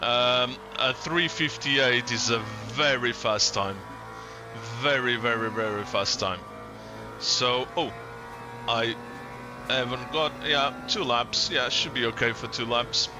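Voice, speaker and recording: Slow-talking male sim racing streamer. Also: medium pitch, fairly even intonation. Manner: chatty, greets viewers by name; talks while concentrating on driving. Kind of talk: live-stream chat while racing. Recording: game stream with loud background music. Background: music in the background.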